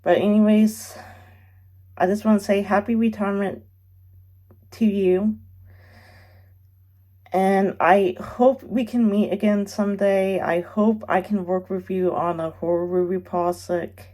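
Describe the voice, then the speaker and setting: Tearful young woman, halting farewell. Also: medium pitch, steady tone, dark tone. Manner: halting, tearful, many restarts and sighs. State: close to tears. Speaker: fan vlogger. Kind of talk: emotional farewell message to camera.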